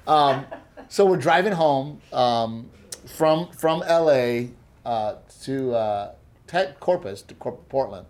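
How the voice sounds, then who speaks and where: A man's voice: fairly high pitch, normal speed. A man telling a funny personal story in casual chat, acting out other people's lines, swearing and laughing as he goes. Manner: animated storyteller who acts out quoted voices, swears, laughs often. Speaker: comedian, co-host.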